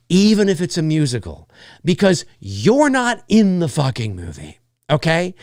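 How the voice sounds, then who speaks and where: Lively, ranting male show host. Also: sits high, no echo, studio quality. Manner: animated, exasperated, swears freely, mimics noisy kids. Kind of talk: casual ranting monologue.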